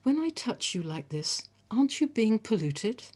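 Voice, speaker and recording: A woman's voice: on the high side, big pitch swings, moderate pace, mellow, pitched above the performer's own voice. A woman voicing a shy, polite young village boy who speaks earnestly, stammering a little as he asks his questions.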